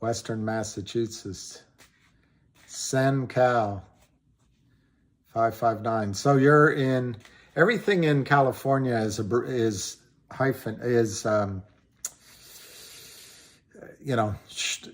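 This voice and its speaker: Slow, rambling man hosting a livestream. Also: mid-range voice. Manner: rambling, greets viewers by name and place; trails off and restarts, laughs often. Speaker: livestream host. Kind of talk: casual livestream talk to viewers.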